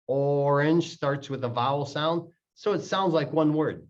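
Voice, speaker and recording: A man teaching English pronunciation, explaining step by step and repeating words to show how they link. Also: on the high side. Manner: repeats words slowly to demonstrate sounds. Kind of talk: explaining lesson, slow and deliberate. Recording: dull lo-fi audio.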